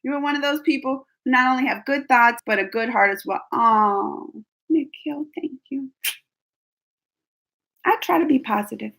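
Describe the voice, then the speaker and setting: A woman's voice: sits high, normal speed, creaky. A young adult woman hosting her channel, answering viewer questions in a casual, talkative way and laughing often. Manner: animated and talkative, laughs often, restarts sentences. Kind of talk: casual livestream chat.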